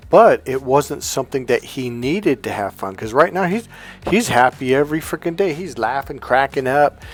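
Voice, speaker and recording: A man's voice: mid-range voice, animated, normal speed, soft background music. A man, a life coach, telling a story to his viewers in a rambling, chatty way full of fillers and restarts. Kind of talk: casual storytelling monologue to viewers.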